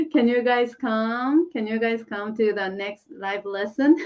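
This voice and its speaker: Korean-native woman doing a live lesson, laughs a lot, sounds kinda far off and muffled. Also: fairly high pitch. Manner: chatty, laughs often, repeats phrases slowly. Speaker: Korean language teacher. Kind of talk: live online lesson answering viewer questions.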